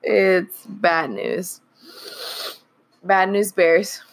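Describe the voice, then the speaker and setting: A woman guest in casual podcast banter, giggling and tossing in quick remarks. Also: lowish voice, lively intonation, vocal fry.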